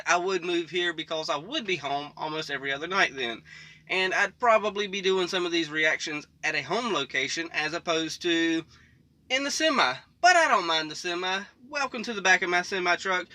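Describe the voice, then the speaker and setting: A man with a high, very bright voice, rambling casually as he hosts a reaction video. He chuckles often and talks from the back of a parked semi truck cab. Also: dry recording.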